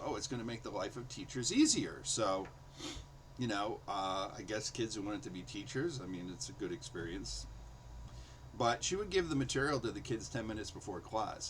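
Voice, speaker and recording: Low-voiced man telling a teaching story. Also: a little hiss or hum, rough recording. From New York City. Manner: chatty, many fillers, acts out quotes in raised voice. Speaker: host and storyteller. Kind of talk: casual spoken storytelling.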